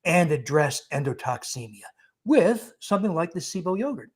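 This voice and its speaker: A man, a physician guest, answering viewer questions in a live Q&A, explaining in a brisk, emphatic way with frequent chuckles and blunt dismissals of bad advice. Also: a little high, sing-song, slightly rough.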